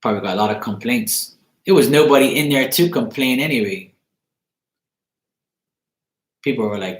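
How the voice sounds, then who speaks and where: A man's voice: medium pitch, normal speed, long pauses. Profane, laughing man ranting casually. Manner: profane, laughing, animated storytelling. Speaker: tarot channel host. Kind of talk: casual rant to camera. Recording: roomy echo.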